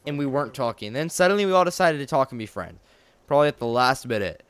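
Goofy, smooth-voiced male gamer. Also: medium pitch, animated, quick pace, fairly bright tone. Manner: playful, goofy, makes up silly stories. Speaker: let's play gamer. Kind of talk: casual gameplay commentary.

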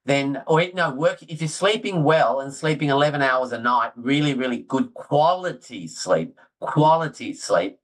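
A middle-aged man, talking excitedly as a guest in a casual interview. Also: mid-range voice, moderate pace, few pauses, low-quality recording. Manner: excitable, animated storyteller, self-deprecating. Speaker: guest orthodontist.

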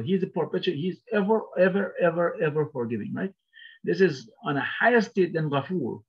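A man's voice: a little high, lively intonation, a little fast, husky, dull audio. A man teaching a recorded lecture, explaining patiently and repeating each phrase with frequent "right?" checks. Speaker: Arabic teacher.

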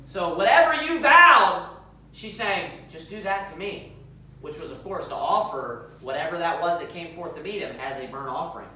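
Male pastor, emphatic sermon delivery with scripture reading, crisp bright tone, recorded from a distance in a reverberant sanctuary. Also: on the high side, expressive, moderate pace. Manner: emphatic, quizzes the congregation with questions. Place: church sanctuary. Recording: echoey church hall, mic far off.

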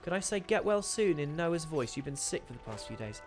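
A man's voice: on the high side, lively intonation, fast, faint music behind. A young man, a voice actor, chatting playfully and self-deprecatingly while streaming a game and reading chat. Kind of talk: casual live-stream chat.

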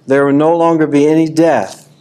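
A man preaching a sermon at a conference, folksy and animated, reading scripture aloud and rising to shouts. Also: fairly high pitch, normal speed, clear, resonant tone. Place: conference hall.

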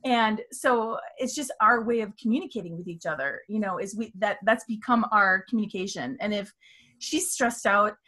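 Husky-voiced middle-aged woman chatting. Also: medium pitch, normal speed, bright, forceful tone. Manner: chatty, laughing storyteller. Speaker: guest, mother of co-guest. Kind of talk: casual chat.

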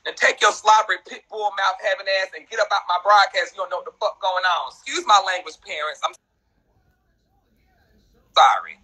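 High, sharp-voiced man ranting bluntly. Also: breathy edge, rough recording. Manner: blunt, profane, fast-talking rant. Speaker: social media personality. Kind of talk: ranting on a livestream. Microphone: phone livestream.

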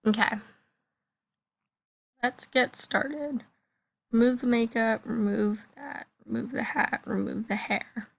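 A bubbly female host talks her way through casual gameplay commentary, gushing with excitement. Her voice sits a little high. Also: takes it slowly, creaky, long pauses. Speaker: gaming channel host.

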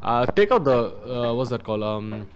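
A man chatting while gaming, giving hurried orders to his team and swearing now and then. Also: mid-range voice, sing-song, highs cut off. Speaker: gamer giving team directions. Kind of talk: casual gaming chat.

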